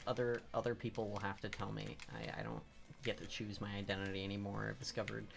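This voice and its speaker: A man streaming live gameplay, rambling to himself and his chat, swearing and breaking into loud frustrated outbursts. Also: fairly low pitch, level tone, fast talker, creaky, noisy background. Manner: self-talk with teasing asides.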